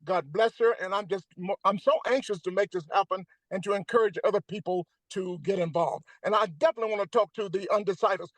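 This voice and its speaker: A man's voice: high-pitched, fast talker, hardly any pauses, fairly bright tone, no echo, rough recording. An older man, a comedian from Atlanta talking emphatically and joking on a video call. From Atlanta, United States. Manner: emphatic, joking, preacher-like cadence. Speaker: comedian guest. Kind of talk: animated comedic chat.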